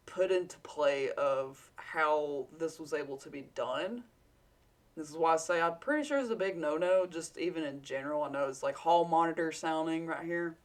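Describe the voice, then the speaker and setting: Casual vlogger with a Southern US drawl, rambling and candid, swearing freely while telling a work story. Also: medium pitch.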